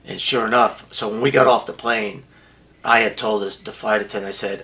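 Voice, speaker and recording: A gravelly older man tells a profane story as an interview guest, acting out the other people's lines as he goes. His voice is low and bright-edged, and his delivery is blunt and plain. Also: fairly even intonation, moderate pace.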